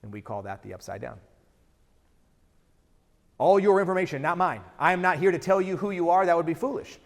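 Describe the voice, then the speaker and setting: A middle-aged man giving a motivational keynote speech, energetic and throwing rhetorical questions at the audience. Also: sits high, fairly quick, gravelly. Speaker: keynote speaker. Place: large event hall. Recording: hall reverb from a live event.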